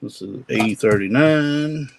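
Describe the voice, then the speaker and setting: A man's voice: medium pitch, slow pace, creaky, slight background noise, rough recording. A man hosting a live-stream coin auction with folksy, rambling auctioneer patter.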